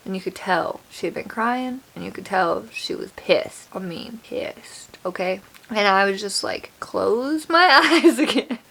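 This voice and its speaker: Woman, lowish voice with plenty of vocal fry, chatting animatedly straight to her viewers. She tells her story casually and keeps coming back to "you guys." Her delivery is loose and conversational. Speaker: vlogger telling a story.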